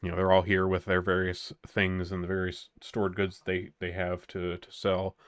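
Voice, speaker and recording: A man narrating as game master of a tabletop game, relaxed and descriptive. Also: low-pitched, normal speed, clean tone, no room sound.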